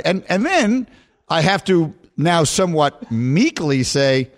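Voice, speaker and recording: Middle-aged male sports talk host with a slightly high voice; animated storyteller. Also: takes it slowly. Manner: animated storyteller, voice jumps high when quoting.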